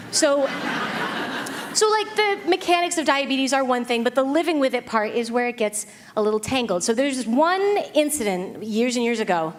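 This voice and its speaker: A woman in her thirties giving an animated, self-mocking talk to a live audience, with quick asides to the crowd. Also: on the high side. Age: 30s. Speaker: speaker.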